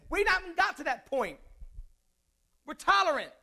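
A man's voice: very high voice, very animated, normal speed, gravelly, long pauses, bright, forceful tone. A man preaching a sermon in a conversational way, mixing scripture with jokes and asides.

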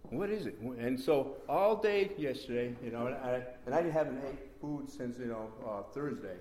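A man giving a rambling, repetitive spoken testimony in a church meeting room, breaking into sudden excited bursts. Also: medium pitch, normal speed, slight background noise. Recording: roomy echo.

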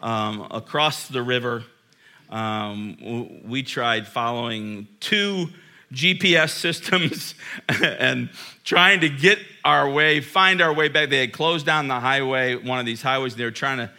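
Male pastor, bright sharp voice, casual storytelling sermon with earnest hushed stretches. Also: medium pitch, a little slow. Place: church.

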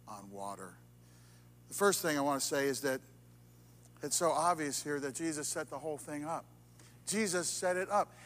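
A pastor delivers a sermon in a church sanctuary, his high-register voice swinging from ringing, emphatic lines to hushed near-whispers. A long reverberation rings off the walls of the large hall.

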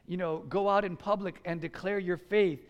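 A man from the United States preaching a sermon to a congregation, animated and urging them to call back responses. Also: high-pitched, moderate pace, smooth, big-room sound, lo-fi sound. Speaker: pastor. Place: church sanctuary.

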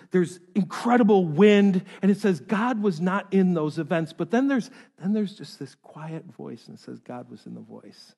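A man preaching a sermon as pastor, swinging between loud urgency and hushed softness, with jokey asides to the congregation. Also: on the high side. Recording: long reverb of a large hall.

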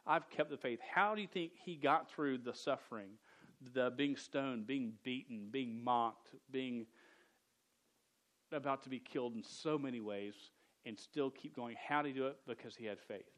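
A man delivers a sermon in an earnest voice that sits in a middle pitch range. He has a stutter and often repeats sounds and words before pushing on, and he speaks directly to a young audience. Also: normal speed, fairly bright tone. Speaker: preacher.

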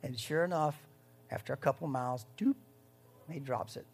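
A pastor giving a conversational sermon, swinging between loud, rising bursts and hushed moments. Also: mid-range voice, normal speed, slightly rough.

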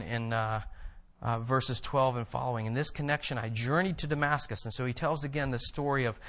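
A man's voice: fairly high pitch, a bit bright. A man preaching a sermon, earnest, rising to emphatic bursts and repeating words as he restarts. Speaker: pastor.

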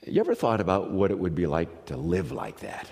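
A male pastor from the United States delivers a sermon with a fairly low voice that swings widely in pitch. He tells stories vividly, moving from loud to hushed, and a long reverb trails each phrase across a big hall. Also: huge pitch swings, fairly quick, vocal fry.

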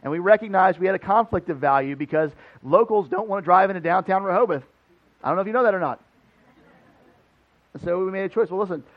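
A man preaching as a pastor, telling a personal story in a casual, animated way full of "like" fillers. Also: sits high, lo-fi sound. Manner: conversational, animated, many "like" fillers. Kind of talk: storytelling sermon. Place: church building.

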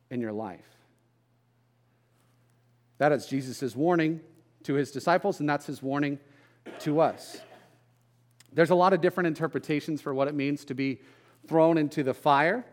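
A man's voice: a little high, unhurried, pauses often. Man preaching a casual, storytelling sermon. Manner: folksy, storytelling, self-deprecating asides. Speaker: pastor. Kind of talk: conversational sermon.

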